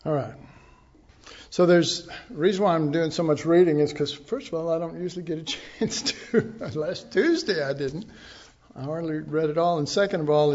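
In a conversational sermon, a pastor speaks to his congregation with asides and rhetorical questions. He has a fairly high, slightly mellow voice, and the recording sounds lo-fi.

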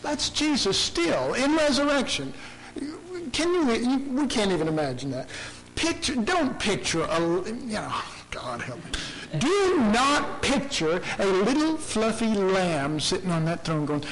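A man preaching a sermon, dramatic and impassioned, swinging from soft asides to loud shouts. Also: high-pitched, sing-song, unhurried, low-quality recording.

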